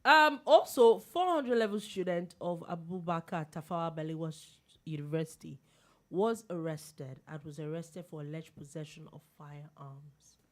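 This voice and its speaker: A woman, co-hosting a radio show and reading a news round-up in a teasing, animated way. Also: sits low, normal speed. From Nigeria. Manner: laughs easily, teasing and animated.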